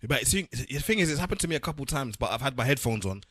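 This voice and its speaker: A man's voice: medium pitch, animated, fast talker, a bit bright, dry recording. A man co-hosting a podcast, teasing his friends in casual banter. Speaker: podcast co-host.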